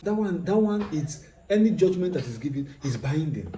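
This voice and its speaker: A man's voice: on the high side, sing-song, normal speed, dark tone, echoey room, rough recording. A man teaching law in a recorded lecture, explaining step by step, repeating his points and asking rhetorical questions.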